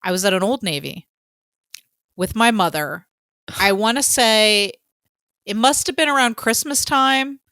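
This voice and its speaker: Bright-voiced, gushing woman podcaster. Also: fairly high pitch, a little slow, no room sound. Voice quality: excitable, gushing fan with many fillers. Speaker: podcast co-host. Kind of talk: casual chat.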